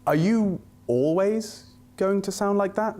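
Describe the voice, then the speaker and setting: A man's voice: high-pitched, takes it slowly, dark tone. An actor playing a flustered man hosting an interview, who stammers and trips over his words.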